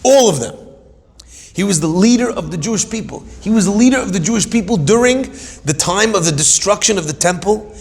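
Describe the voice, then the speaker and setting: A man giving an animated Torah class, telling stories with humorous asides and dramatic emphasis. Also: high voice, quick pace, creaky, breathy edge, in a large hall. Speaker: Torah teacher.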